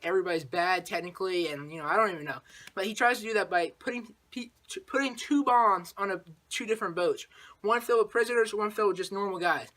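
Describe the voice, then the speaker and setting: A man's voice: high-pitched, sharp tone. A man hosting his own channel, recapping a movie in a casual, rambling way, full of fillers and sound effects.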